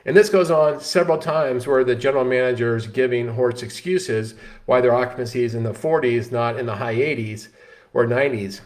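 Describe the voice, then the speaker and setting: A man telling a story in a casual talk, animated, with many restarts and fillers. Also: mid-range voice, brisk. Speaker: host.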